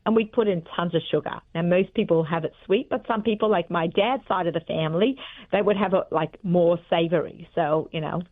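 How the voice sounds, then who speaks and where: A woman's voice: on the low side, a little fast. A woman chef with an Australian accent, chatting casually as a guest on a radio interview, full of cooking tips. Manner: chatty, warm-hearted cooking tips with fillers. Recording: phone-line audio.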